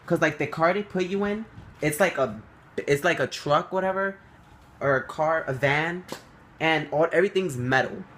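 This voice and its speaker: A young man telling a story to the camera, animated and swearing freely, acting out quotes. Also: normal speed. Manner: animated, swears freely, acts out quotes with big jumps up in pitch. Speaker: vlogger.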